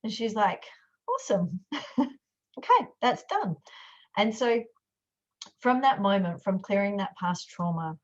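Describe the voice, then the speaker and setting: A woman, a coach telling a client's story in an animated way, acting out the quotes. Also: mid-range voice, a little slow, pauses often. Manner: animated storyteller, acts out quotes, fillers and restarts. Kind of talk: storytelling talk. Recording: dull lo-fi audio.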